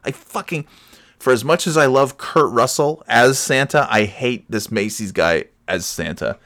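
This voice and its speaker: A man's voice: mid-range voice, moderate pace, a bit bright, no echo, clean studio sound. A man ranting casually, grumbling and swearing, with frequent restarts. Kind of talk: casual rant.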